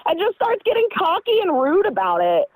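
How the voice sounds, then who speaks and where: A woman with a very high voice calls into a comedy show and tells an animated story at a fairly quick clip, acting out what other people said. The recording is rough, with no room sound.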